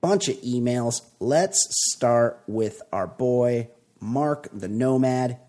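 A man's voice: medium pitch, lively intonation, slow pace, warm tone. A man hosting a comedy podcast, reading out listener questions with playful mock drama. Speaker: podcast host. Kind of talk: casual comedic chat.

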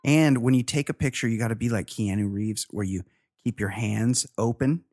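A man co-hosting a comedy podcast, joking crudely and giving deadpan denials. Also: on the low side, moderate pace. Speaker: podcast co-host.

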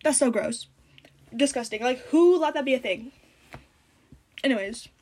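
A teenage girl vlogging casually, reading out her own notes with rambling, sarcastic, animated storytelling while chewing gum. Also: high voice, moderate pace. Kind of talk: casual chat.

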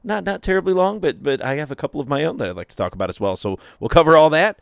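A man hosting a casual podcast with a faint Michigan accent. His pitch swings widely as he laughs and runs through the rundown. He is recorded close and dry, with no room sound. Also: sing-song, very fast, gravelly, no echo. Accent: slight Michigan. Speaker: podcast host.

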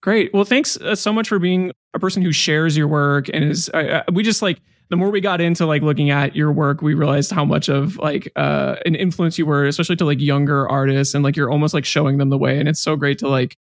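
Man podcast co-host, jokey, rambling, slightly high voice, dry sound. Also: fairly even intonation, brisk, few pauses, no room sound. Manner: rambling, filler-heavy, jokey. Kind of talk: casual podcast chat.

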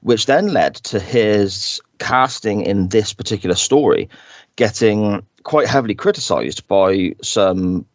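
A man co-hosting a podcast, chatting casually and acting out quotes in exaggerated high voices. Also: expressive, a little slow, no room sound. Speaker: podcast co-host. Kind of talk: casual chat.

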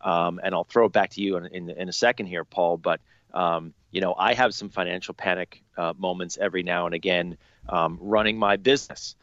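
A man's voice: low voice, fairly quick, dry recording, highs cut off. A man co-hosting a podcast about money, chatting casually with lots of ums and restarts. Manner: relaxed, filler-heavy. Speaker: podcast co-host.

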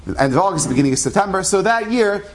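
A man tells a story in a loose, chatty way, wandering into asides as he goes. His voice sits fairly high for a man, and he keeps the tone conversational rather than polished. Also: animated, rapid-fire. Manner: rambling, conversational, many asides. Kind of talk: casual spoken storytelling.

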